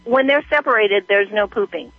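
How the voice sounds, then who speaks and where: A woman's voice: mid-range voice, lively intonation, normal speed, no echo. A woman calling in to a radio show who chats freely and laughs easily. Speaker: caller. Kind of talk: call-in conversation. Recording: dull, dry phone line.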